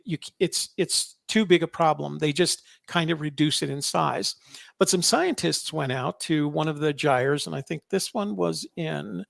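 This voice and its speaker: A man's voice: on the high side, gravelly, no echo, clean studio sound. A man co-hosting a podcast, talking casually and rambling, often correcting himself. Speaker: podcast co-host. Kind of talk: casual political chat.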